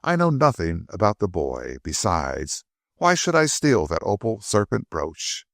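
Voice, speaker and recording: A man's voice: deep voice, wildly swooping pitch, measured pace, gravelly, fairly bright tone, no echo, clean studio sound, heavily acted. A man narrating an audiobook, voicing a nervous young swindler who pleads and denies everything. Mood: defensive. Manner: pleading, stammering denials.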